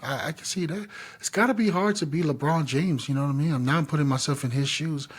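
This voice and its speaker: A man co-hosting a podcast in casual chat, telling stories in an animated, slangy, profane way. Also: a little high, fast talker, slightly rough. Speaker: podcast co-host.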